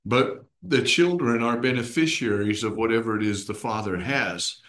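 A man's voice: medium pitch, moderate pace, fairly bright tone. A man teaching a small group Bible study, explaining patiently and often checking in with his listeners.

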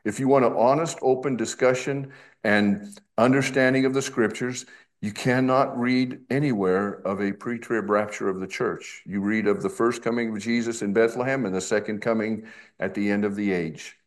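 A middle-aged male pastor preaching an expository sermon, slow and emphatic, with conversational asides. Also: fairly low pitch, fairly even intonation.

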